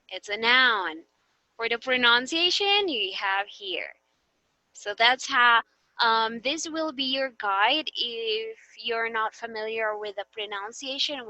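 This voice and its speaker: Slow, bright-voiced young woman teacher. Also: on the high side, no room sound, poor audio. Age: young adult. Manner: patient, checks understanding often. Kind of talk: teaching demo lesson.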